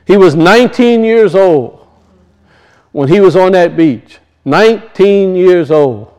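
Male preacher, very high voice, impassioned sermon delivery, repeats his points, swings between loud and hushed. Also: expressive, slow pace, clear, resonant tone, low-quality recording. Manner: impassioned, repetitive, rising and falling emphasis. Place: church.

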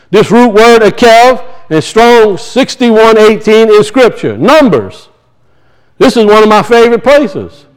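A man's voice: extremely high pitch, smooth, low-quality recording. A man preaching a sermon, emphatic and repetitive, his voice rising and falling as he drives points home.

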